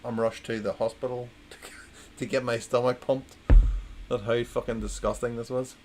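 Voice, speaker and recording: Reading dad jokes while drunk, this host says each punchline twice and cracks himself up. He speaks at normal speed in a mid-range, level, darkish voice, with soft music playing in the background.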